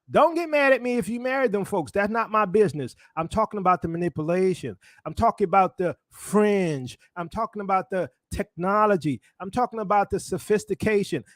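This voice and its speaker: Emphatic high-voiced preacher man. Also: fairly bright tone, no echo, studio quality. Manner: emphatic, repetitive rhetorical questions. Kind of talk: street-style sermon commentary.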